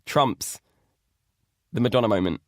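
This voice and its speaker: A man co-hosting a casual podcast chat, animated and quick to laugh. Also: dry recording. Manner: animated, laughs often, lively pitch. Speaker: co-host.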